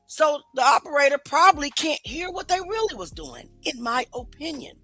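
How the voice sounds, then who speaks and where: A woman's voice: high voice, animated, normal speed, few pauses, sharp tone, no room sound, soft background music, poor audio. A woman hosting a live stream, questioning the audience and reading comments aloud. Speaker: host.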